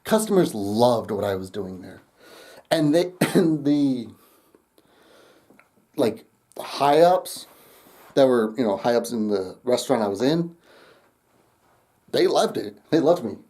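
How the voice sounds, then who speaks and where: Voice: medium pitch, animated, takes it slowly, long pauses, mellow. A young adult vlogger telling a rambling story straight to camera, laughing often and swearing casually.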